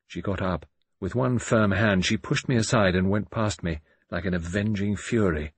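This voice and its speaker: Low, breathy male audiobook narrator. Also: normal speed, no echo. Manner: dramatic, expressive reading. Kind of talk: first-person audiobook narration.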